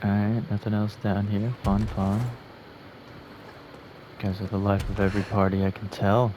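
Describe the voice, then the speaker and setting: A man giving casual gameplay commentary in quiet, muttered asides. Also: fairly low pitch, completely flat delivery, moderate pace, background noise.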